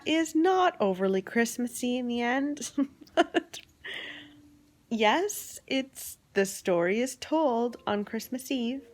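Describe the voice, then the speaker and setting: Slow-talking chatty woman vlogger. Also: fairly high pitch. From Canada. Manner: chatty, drifting between soft whispers and bright exclamations. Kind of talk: casual chat. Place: home at night.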